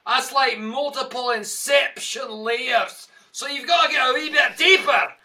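A man doing a big, booming Scottish brogue, full of rolled R's and throaty consonants. It sits high and bright, edging toward a shout, and it sounds a little off the mic. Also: measured pace, far from the mic, exaggerated voice. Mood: showy. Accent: Scottish (put on).

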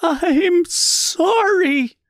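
A man voicing a grown woman who sobs and stammers in high, strained cries as she begs forgiveness. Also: extremely slow, no echo, full character voice. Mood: anguished sobbing. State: crying.

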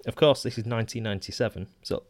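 A man's voice: lowish voice, fast talker, a little mellow, no echo. Dry-voiced Mancunian man musing aloud. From Manchester, England. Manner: hesitant, many ums and restarts, wry asides. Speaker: podcast host. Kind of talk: casual solo podcast reading old magazine articles aloud.

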